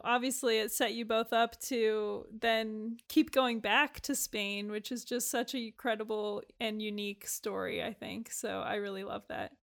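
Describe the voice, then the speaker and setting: A woman's voice: on the high side, a bit bright. A woman hosting an interview, enthusiastic and affirming toward her guests. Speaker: host. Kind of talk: casual conversational interview.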